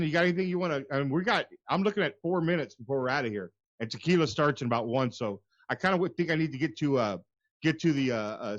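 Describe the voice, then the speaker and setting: A man's voice: medium pitch, fairly bright tone, muffled recording. A man hosting a talk radio show in loose, profane banter, laughing and swearing freely.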